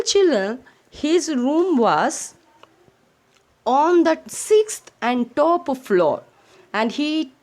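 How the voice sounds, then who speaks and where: With an Indian English accent and a slightly high voice, a female teacher reads a textbook chapter aloud to children. She explains as she goes, repeating phrases and defining words along the way.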